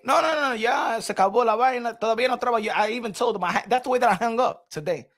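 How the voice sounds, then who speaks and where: A man's voice: very high-pitched, fast talker, few pauses, a bit bright. A man hosting a boxing livestream, talking casually and animatedly, switching between English and Spanish and repeating himself.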